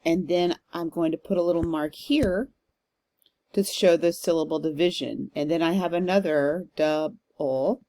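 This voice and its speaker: A woman lecturer talks through a recorded lesson in a fairly low voice. Her delivery is measured and explanatory, with steady "um" fillers as she works through each point. The sound is close and dry, with no room around it. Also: dry recording. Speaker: literature professor.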